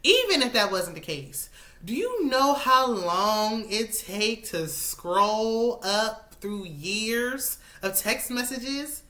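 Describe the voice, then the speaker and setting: Sassy, bright-voiced woman recapping reality TV. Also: on the high side, takes it slowly. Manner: sassy, animated commentary with laughs and asides. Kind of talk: casual chat.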